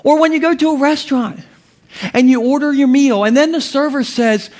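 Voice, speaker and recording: A man in his thirties delivers a sermon full of jokes and funny stories. His voice sits unusually high for a man. He laughs often as he preaches from the pulpit. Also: fairly quick, darkish tone. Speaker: pastor. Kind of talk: humorous sermon.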